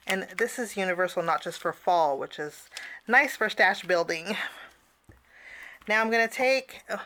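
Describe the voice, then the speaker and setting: A woman's voice: medium pitch, sharp tone. A woman teaching a casual cardmaking tutorial, chatty, with personal asides and frequent fillers.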